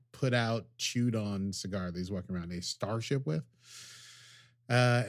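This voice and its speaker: A man's voice: fairly low pitch, no room sound, clean studio sound. A man casually recapping a TV episode as a podcast co-host, rambling and joking as he acts out the characters' lines.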